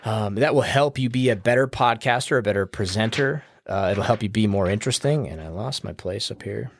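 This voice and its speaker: A man's voice: on the low side, brisk, no echo. Upbeat man hosting a podcast, dry sound. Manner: loose and rambling, with fillers and casual swearing; upbeat and smiling. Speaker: podcast host. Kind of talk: casual advice monologue.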